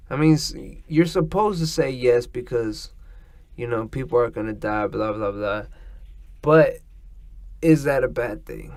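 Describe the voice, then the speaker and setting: A man's voice: mid-range voice, gravelly, a little mellow, no echo. A man hosting a casual solo podcast, rambling and swearing as he drifts between thoughts. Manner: rambling, profane, meandering. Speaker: podcast host.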